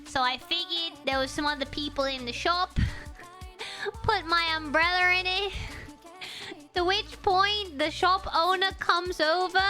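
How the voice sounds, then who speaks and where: A woman streaming to her chat and telling an animated travel story, often breaking into giggles and restarting sentences. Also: extremely high pitch, a little slow, faint music behind.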